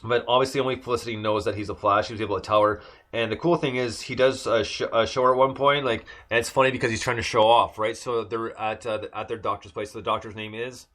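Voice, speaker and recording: Low-ish guy on a podcast rambling thru an episode recap, lots of uhs and likes. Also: flat delivery, fast talker, fairly bright tone. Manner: rambling, many fillers and restarts. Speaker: podcast co-host. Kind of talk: casual chat recapping a TV episode.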